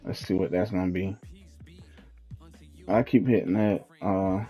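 A man's voice: low voice, fairly even intonation, unhurried, husky, lo-fi sound, faint music behind. A young man hosting a casual gaming walkthrough, talking in a laid-back, slangy way and trailing off while he thinks. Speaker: gaming video host. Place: at home, in his fiancée's house.

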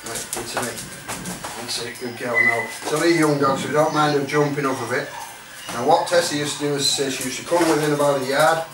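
Man demonstrating dog training, far from mic. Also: mid-range voice. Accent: Northern English. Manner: instructive, breaks off to give the dog commands. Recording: distant mic, roomy and noisy.

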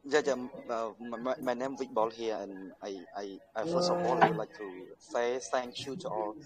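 A man in an online class asking a formal question, hesitant, with many pauses and repeated words. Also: medium pitch, expressive, over a noisy crowd, low-quality recording.

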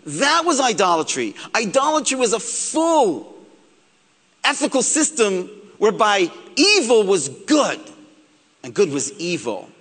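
A man, a rabbi, giving a joking, animated lecture from a stage in a large hall. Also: high-pitched, a little slow, husky. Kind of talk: humorous sermon-style lecture. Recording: long reverb of a large hall.

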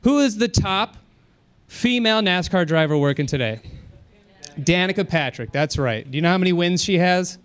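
This stand-up comic works a club stage at a moderate, smooth pace. His storytelling is animated, his voice jumps way up in moments of excitement, and he chuckles along with himself.

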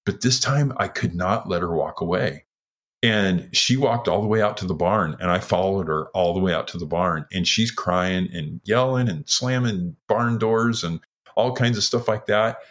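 A man's voice: sits low, normal speed, a bit bright. A man in his sixties from Washington State, a retired firefighter telling his story earnestly in an interview. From Washington State, USA. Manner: earnest, acts out others' words while telling a story.

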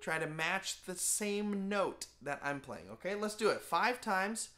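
A man's voice: high-pitched, lively intonation, unhurried, pushed and bright, faint music behind. A man teaching a beginner saxophone lesson, explaining patiently in plain words with many fillers. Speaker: band teacher. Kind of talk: casual music lesson.

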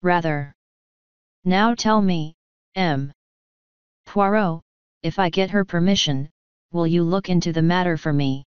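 A nervous young man from an audiobook , read by a woman fumbles and restarts his words. The voice is low and smooth. The recording is dry and slightly muffled. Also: no echo, natural voice. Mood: pleading. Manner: hesitant, halting. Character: anxious young male actor, hesitant.

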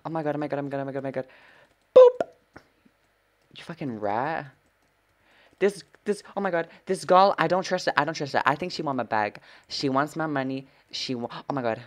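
Sassy, lively trash-talking gamer. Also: mid-range voice, fast. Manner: sassy trash talk with frequent swearing; dramatic gasps and exclamations. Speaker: gameplay streamer. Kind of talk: live gameplay commentary.

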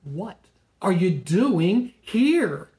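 A man voicing God as a calm presence giving quiet, slow, firm commands. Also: high-pitched, echoey room, heavily acted. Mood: calm commanding.

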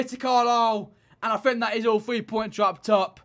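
Excitable man, high-pitched game commentary. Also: moderate pace. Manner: excitable, swings from muttered pleading to loud shouting. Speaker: gaming video creator.

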